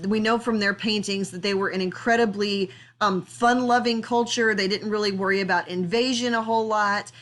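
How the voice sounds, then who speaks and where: A woman giving a recorded art history lecture, explaining in a conversational way with frequent fillers and asides. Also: medium pitch.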